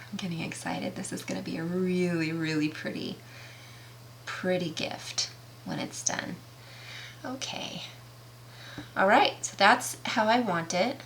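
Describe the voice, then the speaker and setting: Slow, bright-voiced woman teaching a craft. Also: fairly low pitch, slight background noise. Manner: chatty, enthusiastic, slow and careful explaining. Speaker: craft demonstrator. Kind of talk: casual craft tutorial.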